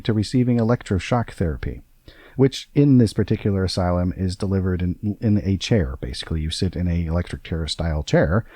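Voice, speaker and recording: A man's voice: sits low, mellow, no echo. A man hosting a casual podcast, rambling along with many fillers and self-corrections. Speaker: podcast host.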